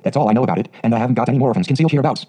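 Man voicing a brisk, offhand station master. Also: medium pitch, mellow, husky, lightly acted.

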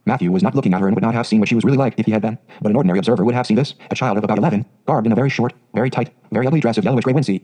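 A man narrating a storybook with steady, scripted reading. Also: on the low side, very fast, hardly any pauses, breathy edge, poor audio. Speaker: audiobook narrator.

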